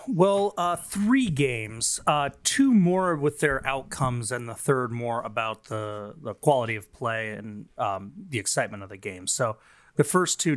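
A man's voice: mid-range voice, no room sound. A man co-hosting a sports podcast, talking through games in a chatty way with lots of fillers. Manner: chatty, laughs easily, many fillers. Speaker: podcast co-host. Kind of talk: casual sports chat.

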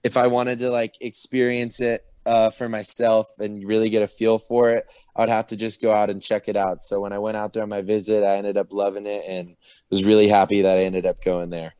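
Relaxed young man on a video call. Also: on the low side, a little fast, clean tone, no echo. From Oceanside, California. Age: 20s. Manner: relaxed, lots of "like" fillers. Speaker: guest. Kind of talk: casual interview.

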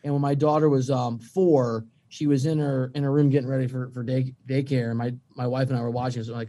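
A man guesting on a podcast, a sports radio host telling lively anecdotes in casual chat. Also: mid-range voice, fast talker, few pauses. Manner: lively storyteller, mimics voices in anecdotes.

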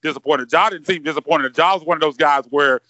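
A man talks basketball on a podcast, his voice bright and a little high. He rambles, doubling back on words as he works through a thought. The recording is dry and slightly dull. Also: fast talker, no echo. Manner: rambling, repeats words while thinking. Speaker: podcast co-host. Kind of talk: casual sports podcast chat.

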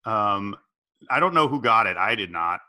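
A man co-hosting a casual comedic chat, telling animated stories and jumping up in pitch whenever he quotes someone. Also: moderate pace. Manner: animated storyteller, jumps up in pitch for quoted voices. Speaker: podcast co-host.

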